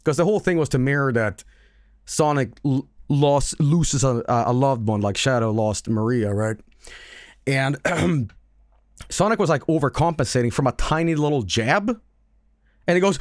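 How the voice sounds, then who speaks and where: A man's voice: mid-range voice, expressive, normal speed, no room sound, clean studio sound. A man streaming casual chat, rambling and stammering with lots of swearing and laughing.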